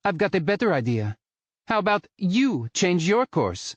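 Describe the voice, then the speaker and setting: A man's voice: sits high, sing-song, normal speed, breathy edge, no echo, dull audio, voice pushed up, heavily acted. A man voicing a sassy, defiant young woman pilot who mocks and taunts. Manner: mocking, cocky.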